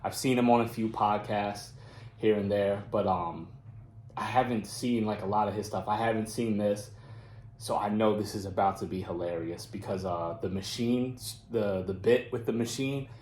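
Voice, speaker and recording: A man's voice: fairly low pitch, normal speed, darkish tone, echoey room. A man hosting a reaction video, chatting casually and laughing often at what he watches. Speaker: reaction channel host.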